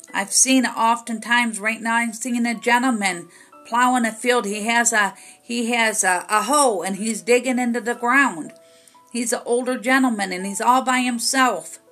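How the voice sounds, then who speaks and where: A woman's voice: fairly high pitch, a bit bright. A woman minister preaching to her viewers, exhorting them with repeated commands and rising to emphatic peaks. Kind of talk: preaching to camera.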